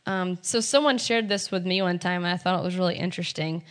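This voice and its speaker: A woman's voice: on the low side, fast. Encouraging woman teaching Bible meditation. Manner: conversational, encouraging, with frequent ums and restarts.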